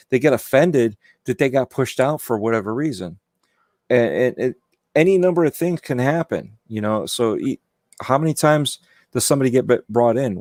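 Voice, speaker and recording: A man in casual podcast chat who rambles, restarts and leans on "you know." His pitch sits in the middle. The sound is dry and close. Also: a little mellow, no room sound. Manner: rambling, repeats words, lots of "you know". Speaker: podcast guest.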